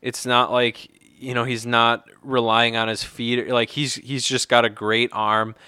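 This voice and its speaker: A young man in casual sports talk, his voice bright and crisp. It sounds dry and close, and he works his way through thoughts with lots of stops and restarts. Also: medium pitch, little pitch movement, dry recording. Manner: halting, many fillers and restarts. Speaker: podcast co-host.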